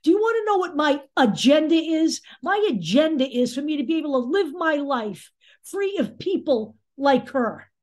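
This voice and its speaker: Brief: woman commentator, high voice, angry and sarcastic, blunt and profane delivery. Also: big pitch swings, normal speed, a little mellow. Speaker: political commentary host. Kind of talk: opinion commentary monologue.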